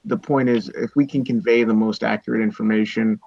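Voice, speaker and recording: A man's voice: lowish voice, steady tone, fairly quick, gravelly. A man co-hosting a casual gaming chat show, earnestly explaining tactics and his reasons for doing the show. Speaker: podcast co-host. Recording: dull, slightly lo-fi dry sound.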